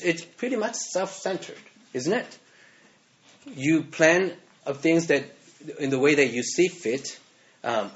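A pastor preaches a sermon in a conversational way, repeatedly checking in with "right?". His voice is on the high side with a fairly bright tone, and the recording sounds dull and lo-fi.

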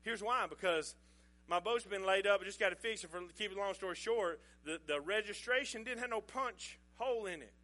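Middle-aged man, pastor telling a sermon story, chatty, chuckling, bright tone. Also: high voice, a little fast. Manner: folksy, chuckling, conversational.

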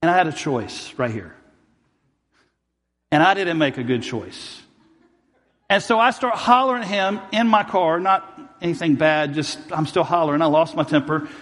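A male pastor preaching a sermon in a church hall with a long reverb trailing after his words. His voice sits a little high for a man. He tells stories by acting out every side of the exchange. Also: animated, normal speed, a bit bright. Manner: storytelling, acting out both sides of arguments.

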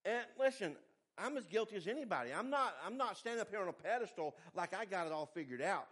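A man preaches a sermon. He swings between emphatic, raised lines and hushed, low asides. His pacing is lively and conversational. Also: quick pace. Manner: animated preaching, pitch and volume rising and falling widely. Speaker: pastor.

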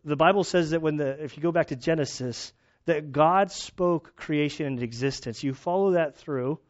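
A man's voice: a little high, moderate pace, muffled recording. A man preaching a sermon as pastor, talking in a conversational, storytelling way with frequent restarts.

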